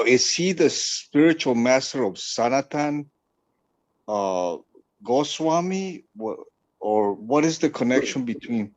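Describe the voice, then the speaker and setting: A man's voice: medium pitch, rough recording. A man asking a polite question in an online class, stammering and hesitant.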